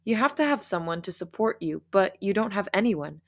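A woman voicing a gentle, caring young man in a read-aloud romance story, speaking softly but firmly. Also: medium pitch, expressive, fairly quick, lightly acted. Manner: soft but firm.

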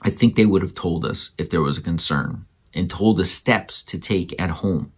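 A father casually tells a story about his child and gives other parents emphatic advice, his pitch jumping up whenever he quotes someone. He speaks animatedly at a normal speed in a slightly rough voice.

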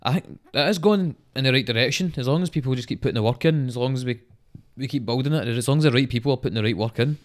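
A young Scottish man, a rapper guest, chatting bluntly and swearing freely on a podcast. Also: medium pitch. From Scotland. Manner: blunt, sweary, rapid-fire. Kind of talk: casual podcast chat.

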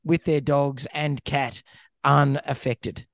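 A man's voice: mid-range voice, flat delivery, slow pace, gravelly, no room sound, clean studio sound. A man, a vet co-hosting a casual chat show, joking and often stumbling over his words. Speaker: veterinarian co-host.

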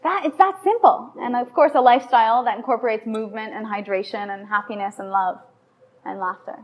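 High-voiced woman giving a lively lecture. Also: brisk, lo-fi sound. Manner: chatty, playful, asks the audience questions. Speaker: lecturer on raw food and yoga. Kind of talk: live evening lecture to an audience.

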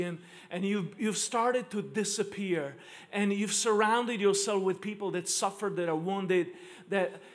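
A man preaching a sermon to a congregation, emphatic and repeating key lines for stress. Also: sits high. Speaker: pastor. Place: church service in front of a congregation.

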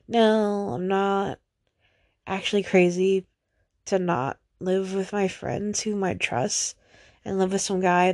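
A young woman hosting a solo podcast, tearful and venting, sighing often and trailing off in halting, repeated phrases. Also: fairly low pitch, darkish tone, no room sound, clean studio sound. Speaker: podcast host.

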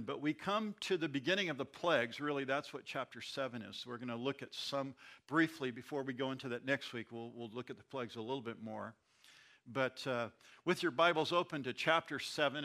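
A pastor walks his congregation through a Bible passage in a bright, forward voice. He often repeats a word or restarts a phrase as he explains. The delivery is conversational teaching. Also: mid-range voice. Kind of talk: Bible study sermon.

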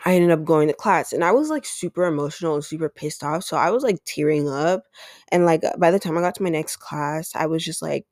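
A woman hosting a podcast tells a storytime in a loose, rambling flow. She leans on "like" and slips into quoting what other people said. Her voice has a gravelly vocal-fry edge, and the recording sounds dry and close with no room around it. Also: low voice, fairly quick, darkish tone, no echo. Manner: rambling, heavy use of "like", acts out quoted dialogue. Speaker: podcast host. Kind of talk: casual storytime monologue.

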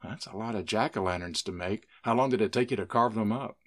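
A man's voice: on the low side, brisk, fairly bright tone, lightly acted. A man voicing a wary young woman. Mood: curious.

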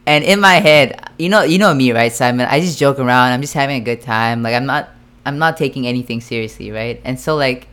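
A young man from Japan with a smooth, clear voice tells a long, meandering story to a friend. He leans hard on fillers and keeps checking in with his listener. He drops a curse word here and there. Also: medium pitch, brisk, a bit bright. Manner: rambling, filler-heavy, sprinkled with swearing. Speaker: storyteller in a casual chat. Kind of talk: casual chat.

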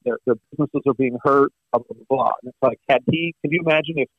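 A man appearing as a guest commentator on a talk show, speaking earnestly and haltingly, with frequent restarts. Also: mid-range voice, no echo, narrow, tinny audio. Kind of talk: conversational political talk.

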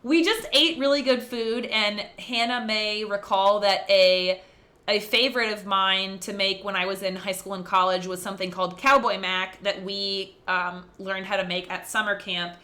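A young adult woman with a bright, forward voice hosts a podcast with her sister. She talks in a relaxed, rambling way, telling stories with plenty of laughter and quick asides. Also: medium pitch. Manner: animated, laughs often, rambling storytelling. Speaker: podcast co-host. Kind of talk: casual chat between sisters.

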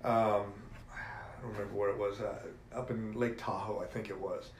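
A middle-aged man telling stories as a podcast guest, in an animated, emphatic way. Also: fairly low pitch, normal speed. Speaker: podcast guest, jiu-jitsu black belt. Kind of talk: casual storytelling conversation. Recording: echoey room with faint ambient noise.

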